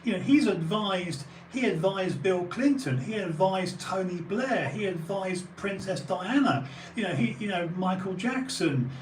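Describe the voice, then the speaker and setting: British man, auction house owner, podcast talk full of fillers and restarts; slightly raised pitch, recorded distant in a reverberant room. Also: a little hiss or hum. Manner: rambling, full of fillers and restarts, bursts of emphasis. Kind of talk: casual podcast conversation.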